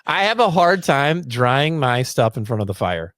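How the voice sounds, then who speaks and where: A man's voice: medium pitch, moderate pace, no room sound. Guy cohosting a chat show, acts out his own quotes, bouncy voice, dead dry mic. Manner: animated storytelling, acts out quotes. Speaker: podcast co-host. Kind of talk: casual chat.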